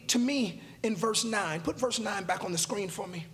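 A man a sermon to his congregation, shouting and half-singing his lines, often dropping to a quiet, close tone. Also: sits high, expressive, a little slow. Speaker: pastor. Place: church sanctuary.

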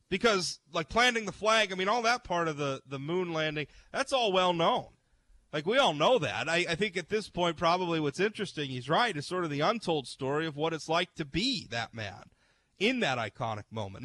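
A man hosting a casual talk show, his voice bright and forceful and sitting slightly high. He talks things through out loud, doubling back on his words and reading quotes off the page. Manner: chatty, self-interrupting, reads articles aloud. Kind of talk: casual opinion chat.

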